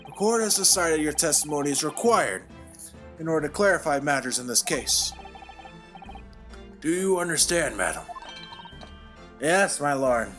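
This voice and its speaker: A man's voice: on the high side, lively intonation, moderate pace, long pauses, a bit bright, soft background music. A man voicing a stern older judge, formal and commanding, as he reads game dialogue aloud.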